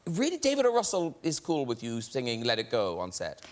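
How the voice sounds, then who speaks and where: A man's voice: mid-range voice, huge pitch swings, fairly quick. A man hosting a talk show, teasing his guests with playful, cheeky banter. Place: TV studio with live audience. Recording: loud audience and background noise.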